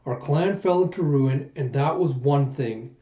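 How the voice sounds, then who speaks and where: A man's voice: medium pitch, a little slow, warm tone, close to an everyday voice. A man voicing a bitter, vengeful male usurper shogun with a resentful, brooding delivery, in a muffled echoey room recording.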